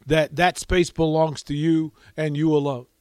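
A slow, smooth-talking, middle-aged New York businessman with a New York accent, as a man puts him on while telling a story. He speaks in measured, self-assured phrases. The voice sits fairly high, and the recording is dry and close. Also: little pitch movement, darkish tone, dry recording, lightly acted. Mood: smooth insistent.

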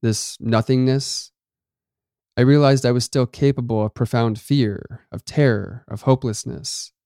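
Smooth-voiced male story narrator. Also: medium pitch, fairly even intonation, warm tone, no room sound, studio quality. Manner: measured, dramatic reading. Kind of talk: scripted first-person story narration.

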